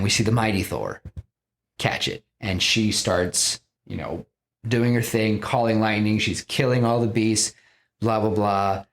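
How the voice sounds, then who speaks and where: A man hosting a podcast, casually retelling a film scene by scene with lots of restarts and quoted lines. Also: fairly low pitch. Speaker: podcast host pitching a film.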